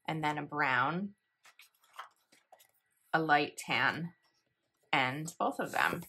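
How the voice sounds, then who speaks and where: A woman's voice: deep voice, pushed and bright. A woman in her thirties, a planner vlogger, chatting casually and giggling as she reads sticker quotes aloud. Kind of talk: casual product review, reading sticker quotes.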